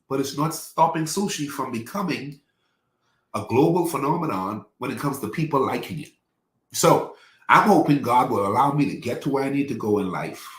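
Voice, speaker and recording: A man's voice: mid-range voice, reverberant. A man giving a live teaching in a folksy, conversational preaching style, calling out to his listeners. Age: 40s. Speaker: pastor.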